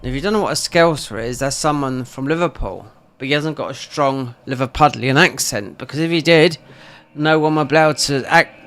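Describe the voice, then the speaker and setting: A man's voice: medium pitch, a little fast, a bit bright. A man with a South London accent rambling chattily through casual gameplay commentary as a gaming channel host. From England.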